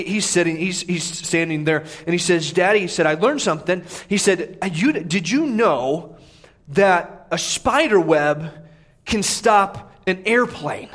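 High-voiced man preaching with emphasis. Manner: emphatic preaching, swings between hushed and raised voice. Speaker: pastor. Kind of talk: sermon.

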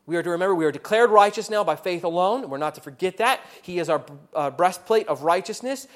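Speaking quickly and with lively intonation, a man in the pulpit delivers a heartfelt sermon. He booms through the accusing parts and turns quiet and gentle when reflecting.

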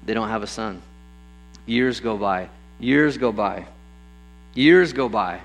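A man preaching a sermon, telling stories with lively bursts and acting out the people in them. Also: mid-range voice, unhurried, vocal fry, pauses often, low-quality recording. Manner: lively storytelling, acts out voices with bursts of excitement. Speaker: pastor.

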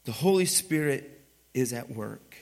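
A man preaching a sermon, moving from quiet teaching to loud, emphatic passages and asking the congregation for responses. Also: mid-range voice, animated, unhurried, creaky. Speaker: pastor.

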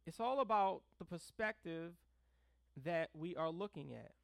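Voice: mid-range voice, measured pace, creaky, no echo. A pastor preaching a conversational sermon, checking in with the congregation and stressing key words. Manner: conversational preaching with frequent "right?" check-ins; animated, leans hard on key words.

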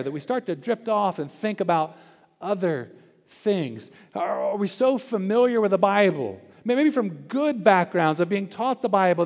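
A male pastor delivering a sermon, pressing hard on key words and then dropping to a near hush at the ends of phrases. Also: high-pitched. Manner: emphatic preaching, swinging between loud stresses and quiet drops. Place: church sanctuary. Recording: long church reverb.

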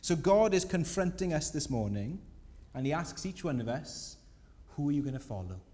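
A man preaching a sermon, telling a scripture story with lively voices for the people in it. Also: a little high, normal speed. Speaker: pastor. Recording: long hall reverb.

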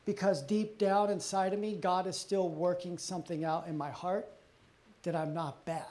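Earnest high-voiced pastor preaching. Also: male voice, flat delivery, moderate pace. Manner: earnest, confessional, drops soft and low on personal moments. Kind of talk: sermon.

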